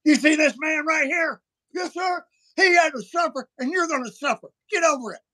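A man's voice: extremely high pitch, moderate pace, pushed and bright, slight background noise, voice pushed up. A man voicing a stern male priest in a barked, blunt impression. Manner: barking, blunt.

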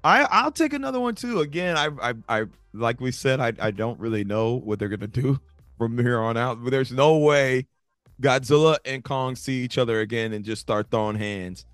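A man co-hosting a casual movie review chat, talking in animated bursts with stammering restarts and sudden jumps between loud and soft. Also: mid-range voice, normal speed, smooth, dry recording, soft background music. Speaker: podcast co-host.

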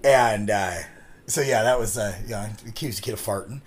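A man co-hosts a casual podcast chat, rambling through stories, laughing often, and swearing casually. His voice is fairly low and he talks fairly quickly.

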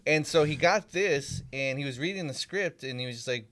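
A man co-hosting a podcast in casual chat, animated, swearing freely and telling stories. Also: on the high side, moderate pace. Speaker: podcast co-host.

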